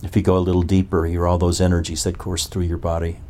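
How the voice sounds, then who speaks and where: Low-voiced man probing with questions. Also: monotone, fast, mellow. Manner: probing, asks rhetorical questions. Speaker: spiritual teacher. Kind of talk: spiritual talk to a gathering.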